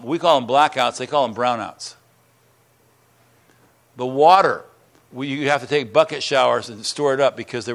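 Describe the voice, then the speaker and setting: Middle-aged male pastor, earnest sermon delivery, mid-pitched voice, repeats words, pushes higher on emphasis. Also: fairly bright tone. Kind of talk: sermon and prayer. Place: church.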